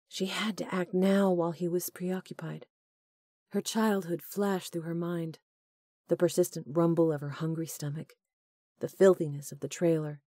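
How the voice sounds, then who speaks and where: Woman reading an audiobook, low steady voice, dry close sound. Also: no room sound. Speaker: audiobook narrator. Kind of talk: scripted narration.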